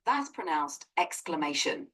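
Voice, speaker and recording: An AI assistant with a woman's voice, patiently and encouragingly coaching pronunciation in a measured way. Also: deep voice, sing-song, fairly bright tone, poor audio.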